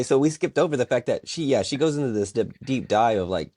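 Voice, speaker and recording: A man co-hosting a casual podcast, talking in an animated, rambling way and laughing often. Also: mid-range voice, fast talker, hardly any pauses, no echo, studio quality. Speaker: podcast co-host. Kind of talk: casual chat.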